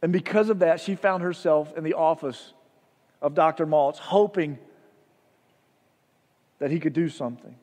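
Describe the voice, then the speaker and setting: A male pastor preaching a sermon, telling a story with soft, hushed passages and loud rises. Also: a little high, moderate pace, long pauses. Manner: storytelling, dropping soft for drama and rising loud. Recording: long hall reverb.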